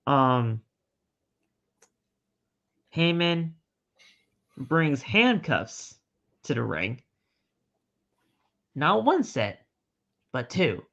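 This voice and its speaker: Slow-talking man recapping wrestling, lo-fi. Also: mid-range voice, gravelly. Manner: animated play-by-play retelling, breaks into laughs. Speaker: podcast co-host. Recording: dull lo-fi podcast audio.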